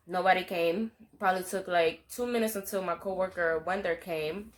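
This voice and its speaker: A young woman tells a story straight to camera. She keeps it animated and salty, with plenty of swearing and street slang. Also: medium pitch, a little fast, hardly any pauses. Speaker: vlogger. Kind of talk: storytime monologue.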